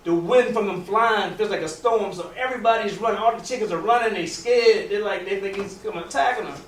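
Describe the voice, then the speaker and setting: A man with a fairly high voice tells a long story in a loose, rambling way, often restarting his sentences. He sounds distant from the mic, in a roomy space with a faint hum of noise behind him. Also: brisk. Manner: rambling, with many restarts and casual grammar. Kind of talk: casual oral storytelling.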